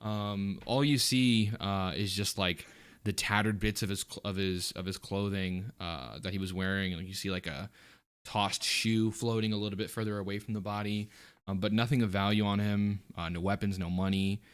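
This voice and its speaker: A man running a tabletop game as game master, describing scenes in a relaxed, loose way with many pauses. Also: on the low side, clean tone.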